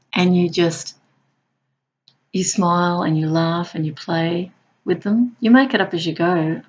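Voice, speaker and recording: A woman who works as a hospital clown tells her stories playfully, now and then jumping into high squeals. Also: highs cut off, a little hiss or hum. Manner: warm, playful, bursts into high squeals when acting out clowning. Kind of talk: personal storytelling.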